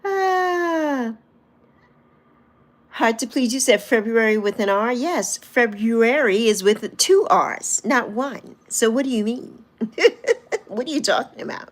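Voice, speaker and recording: A woman in her sixties chats on her livestream in a fairly high voice that swoops up and down. She reads viewer comments aloud and answers them, teasing them and laughing often. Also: lively intonation, slow pace. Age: 60s. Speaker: livestream host. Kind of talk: casual livestream chat with viewers.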